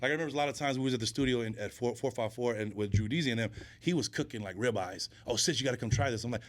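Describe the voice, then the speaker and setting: A man guesting on a podcast, chatting casually and telling animated stories, acting out other people's lines. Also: medium pitch, rapid-fire, few pauses. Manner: animated storyteller who acts out quoted voices. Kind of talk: casual interview chat.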